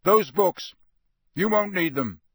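A man reading aloud, voicing a gruff, scarred old male wizard teacher who speaks in a blunt growl. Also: high voice, lively intonation, slow, a bit bright, dry recording, pitched above the performer's own voice, heavily acted.

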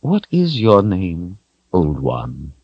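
A man's voice: low-pitched, wildly swooping pitch, slow pace, gravelly, breathy edge, no room sound, dull audio, exaggerated voice. A man voicing a cold, smug, menacing male sorcerer who speaks in a silky, mocking way.

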